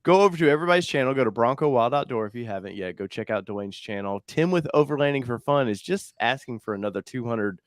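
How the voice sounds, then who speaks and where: Man, host, easygoing, laughs a lot, mid-pitched voice. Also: expressive, fast talker, few pauses, no echo, studio quality. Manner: laid-back, laughs often. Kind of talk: casual chat.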